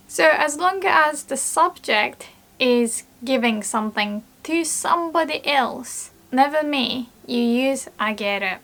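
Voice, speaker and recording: A woman teaching grammar in a patient, explanatory way. She repeats example sentences slowly and builds playful little scenarios to make points clear. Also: high-pitched, fairly bright tone. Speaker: language teacher.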